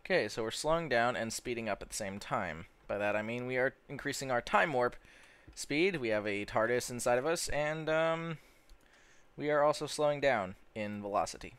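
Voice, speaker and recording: A man's voice: medium pitch, animated, moderate pace, fairly bright tone, clean tone, dry recording. Rambling young man narrating gameplay. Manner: rambling, stumbles over words, easily amazed. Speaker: gameplay commentator. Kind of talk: casual gameplay commentary.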